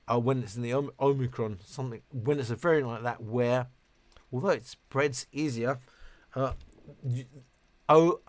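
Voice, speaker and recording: A man's voice: mid-range voice, no echo. Man in his fifties, livestream host, rambling casual chat, self-interrupting, answering viewer questions.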